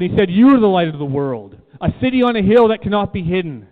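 A man preaches to a room in a church, emphatic and repeating key phrases while putting questions to the listeners. His high voice moves with lively intonation and he talks fast; the recording sounds tinny, like a phone, with long reverb.

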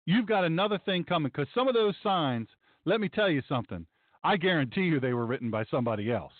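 A sarcastic male pastor hosts a commentary show, repeating himself for emphasis. His voice is high and swings widely. The audio is dry and narrow, like a phone line. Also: lively intonation, quick pace, no room sound. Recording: dry, tinny phone-like sound.

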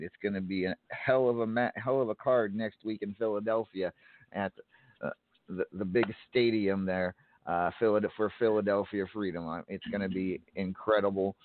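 A man hosting a casual show, talking in halting starts and restarts. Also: on the low side, no echo. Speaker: host. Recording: dry tinny phone-like line.

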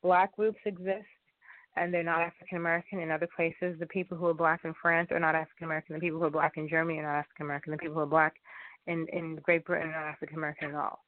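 A man's voice: a little high, level tone, racing. A man talking in a rambling casual monologue, often repeating himself and restarting sentences. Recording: tinny phone-like sound, dry.

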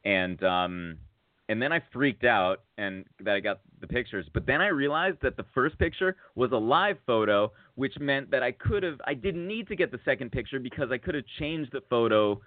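A man on a podcast telling a long casual story, full of fillers and restarts, getting excited at the funny parts. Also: medium pitch, moderate pace, no echo. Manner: rambling, filler-heavy, rises to excited laughter at funny moments. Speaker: podcast co-host. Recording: tinny phone-like audio.

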